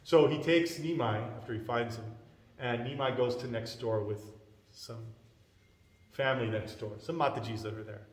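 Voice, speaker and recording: Animated male storyteller in an echoey hall. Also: mid-range voice, normal speed. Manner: animated storyteller who acts out the characters. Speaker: class speaker. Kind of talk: storytelling scripture class. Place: temple hall.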